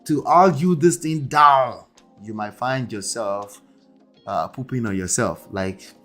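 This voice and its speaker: A man's voice: mid-range voice, takes it slowly, fairly bright tone, soft background music. A man hosting relationship commentary, reacting to a debate clip in an emphatic way that keeps checking in with the listener. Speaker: relationship coach and host.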